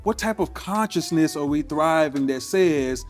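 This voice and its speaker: Earnest higher-voiced man, measured talk. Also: animated, faint music behind. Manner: earnest, measured, often ends points with "right?". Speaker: podcast guest. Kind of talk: reflective interview talk.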